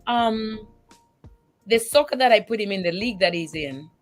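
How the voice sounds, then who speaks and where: A woman guest sharing her life as a single mother on a faith talk show, animated and tearful, often restarting her sentences. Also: medium pitch, moderate pace, faint music behind.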